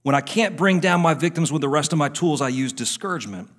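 A man voicing a sly, menacing male devil in a low, hushed, gloating tone within a sermon story. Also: lively intonation, fast.

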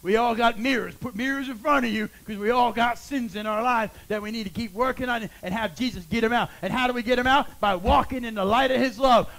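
A middle-aged pastor preaching a sermon, swinging from loud calls to hushed, quiet lines. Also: male voice, very high-pitched, poor audio.

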